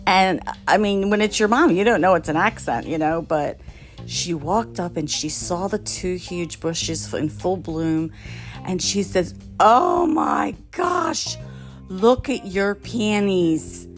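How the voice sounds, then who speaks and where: A woman's voice: on the low side, a little slow, faint music behind. Laughing, rambling middle-aged woman storyteller. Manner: rambling, laughs often, many fillers and restarts. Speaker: storyteller, podcast host. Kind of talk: casual storytelling.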